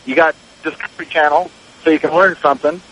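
A man's voice: on the high side, fairly even intonation, fast, fairly bright tone, husky, poor audio. A man calling into a radio talk show, chatting in a laid-back, agreeable way. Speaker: caller. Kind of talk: casual call-in chat.

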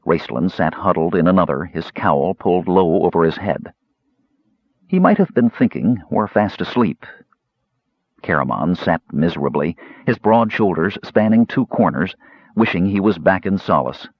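A man's voice: low-pitched, moderate pace, husky, no echo, dull audio. A man narrating a fantasy audiobook expressively, shifting his delivery for each character. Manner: expressive, changing voices for characters.

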